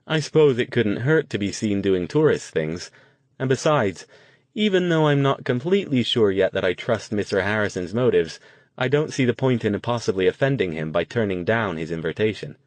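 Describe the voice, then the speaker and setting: A man's voice: fairly low pitch, animated, normal speed, no room sound, close to an everyday voice. A man reading the lines of a weary, sardonic British mage in an audiobook. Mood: measured. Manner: dry, sardonic. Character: weary British male mage, dry, reluctant.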